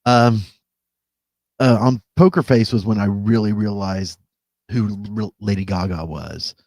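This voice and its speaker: With a steady tone and measured pace, a man on the low side of the pitch range co-hosts a podcast in casual chat. He rambles, fixes his words as he goes and laughs at himself. His voice is a little mellow, and the studio-quality audio has no echo.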